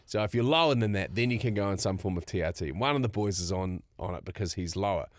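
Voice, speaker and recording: A man's voice: sits low, animated, fast, no echo, clean studio sound. A man, co-hosting a podcast with blunt, crude banter and laughing asides. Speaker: podcast co-host. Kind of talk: casual podcast chat.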